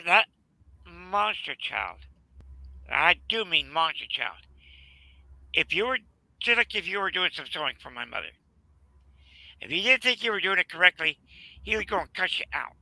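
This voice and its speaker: A man with a Southern US accent telling a rambling family story in casual chat, halting with fillers. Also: high voice, sing-song, bright, forceful tone, dry recording, rough recording. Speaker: channel host.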